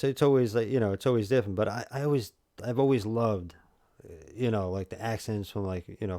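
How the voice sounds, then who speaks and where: A man in his thirties with a New York accent, chatting loosely to his stream viewers. His voice sits low and mellow, and it sounds close and dry with no room around it. He rambles and restarts his sentences often. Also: no room sound. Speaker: livestream host. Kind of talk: casual livestream chat.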